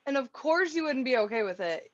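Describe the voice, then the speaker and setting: A woman with a high voice co-hosts a podcast, telling stories in loose, profane casual chat. The sound is dry and close, with a slightly dull, lo-fi tone. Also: animated, fairly quick, dry recording. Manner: profane, laughing recaps. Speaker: podcast co-host.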